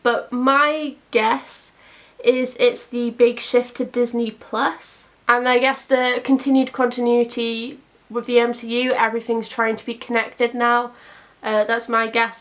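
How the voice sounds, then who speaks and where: A young woman giving casual, opinionated commentary to her channel, chatty and quick to laugh at her own jokes. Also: on the high side. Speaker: YouTuber.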